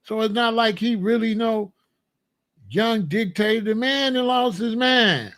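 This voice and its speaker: Casting: male commentary host, high voice, heated repetitive rant style. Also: unhurried, a bit bright. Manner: emphatic, repetitive, incredulous rhetorical questions. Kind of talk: solo political commentary rant.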